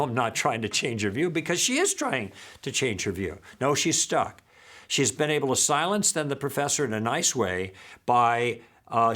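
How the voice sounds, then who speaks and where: Working through personal anecdotes, an apologetics teacher acts out every side of his past exchanges in a recorded session, his voice ranging widely in pitch. His animated delivery is punctuated by constant "okay?" and "all right?" check-ins with listeners.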